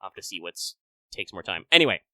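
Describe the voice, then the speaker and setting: Fast-talking game master with a bright voice. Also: male voice, low-pitched, big pitch swings, no echo. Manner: quick, chatty, self-correcting. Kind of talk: running a tabletop game over voice chat.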